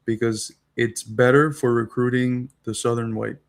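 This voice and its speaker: Gravelly man in jokey banter. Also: medium pitch, normal speed. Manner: jokey, animated teasing. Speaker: podcast co-host. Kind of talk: casual political chat.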